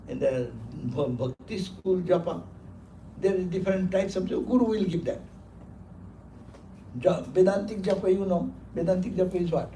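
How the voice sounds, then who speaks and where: A male monk delivers a sermon, hammering points home through repetition and laughing his way through the stories. His voice is high for a man and mellow in tone. It comes from a distance in a roomy hall, with faint noise underneath. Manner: emphatic, repeats words, laughs while telling stories. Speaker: monk giving a talk.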